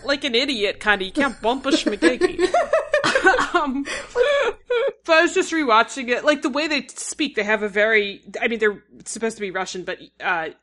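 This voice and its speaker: A young woman co-hosting a podcast, chatting in a rambling, enthusiastic way with quick laughs and sudden jumps up in pitch. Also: lively intonation, a bit bright. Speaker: podcast co-host. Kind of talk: casual chat.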